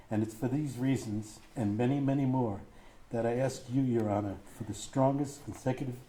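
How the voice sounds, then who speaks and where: A middle-aged man reads a statement to a courtroom, his mellow, darker voice tearful and choked. He halts and breaks as he struggles through his grief, speaking as a bereaved father. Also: mid-range voice. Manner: grief-stricken, halting, voice breaking. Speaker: grieving father giving victim statement. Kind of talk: reading a prepared statement in court.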